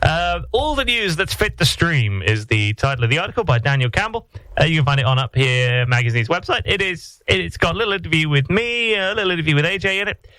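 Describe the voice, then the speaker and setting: A man hosts a morning radio show with a fairly high voice that swings widely in pitch. He chats in a playful, rambling way, with restarts, into a close studio mic. The sound is dry and tight. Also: lively intonation, quick pace, sharp tone, no echo, poor audio. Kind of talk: casual studio banter.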